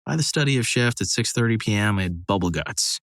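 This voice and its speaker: A man narrating a series of reader-submitted stories in a steady, scripted storytelling read. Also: fairly low pitch, a little fast, no echo.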